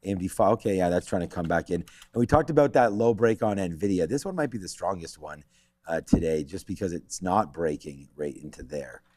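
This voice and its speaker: Low deep-voiced guy rambling over stock charts, dry close sound. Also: expressive, brisk, darkish tone, no echo. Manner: rambling, thinks aloud while checking charts. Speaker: stock market show co-host. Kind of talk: live trading commentary.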